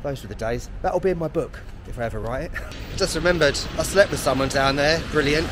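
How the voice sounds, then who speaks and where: A man with a West London accent talks to camera as he walks, his voice sitting a little high. His delivery is dry and sardonic, and music plays under him outdoors. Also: a little fast. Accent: West London (Hounslow). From Hounslow, London. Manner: sardonic, dry sarcastic humor. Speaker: travel vlogger. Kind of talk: walking travel vlog to camera. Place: outdoors on windy town streets.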